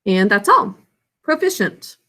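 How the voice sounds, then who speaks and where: A young woman teaching a class, slowly sounding out words and their syllables. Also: medium pitch, very animated, sharp tone. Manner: clear, slow enunciation of words and sounds. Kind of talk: classroom spelling lesson.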